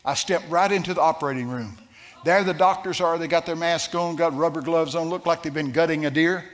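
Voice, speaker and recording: A man telling a story in a sermon, animated and shouting out the quoted lines. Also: fairly high pitch, brisk. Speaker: preacher. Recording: long hall reverb.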